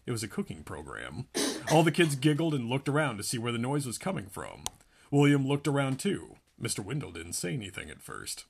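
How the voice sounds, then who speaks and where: A man reading a book aloud in an animated way, often laughing between lines. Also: mid-range voice, brisk, creaky, breathy edge. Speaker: reader.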